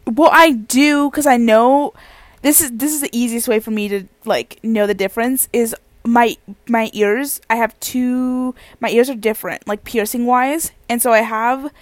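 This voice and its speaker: A young woman talks to her viewers from her bed in a rambling, giggly, self-deprecating way. Her voice sits a little high, and the sound is dry and close with no room in it. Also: steady tone, normal speed, no echo. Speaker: vlogger. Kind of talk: casual chat. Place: bedroom, lying on bed.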